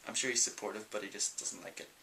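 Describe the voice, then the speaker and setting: A man's voice: lowish voice, steady tone, fast, creaky, sharp tone, a little hiss or hum, rough recording. A young man with a Northern Irish accent, answering viewer questions in a casual, rambling vlog full of ums. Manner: chatty and rambling, many ums. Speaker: vlogger.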